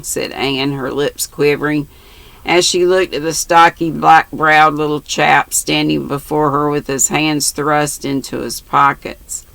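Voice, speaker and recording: Gravelly grandmother reading aloud slowly. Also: low-pitched, steady tone, fairly bright tone, dry recording, low-quality recording. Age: older. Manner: unhurried reading with restarts and asides. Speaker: audiobook reader.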